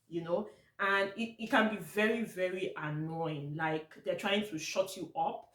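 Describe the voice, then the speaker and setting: A woman's voice: on the low side, moderate pace, reverberant. A Nigerian woman vlogging to camera in a casual, blunt and exasperated way, slipping into Pidgin now and then.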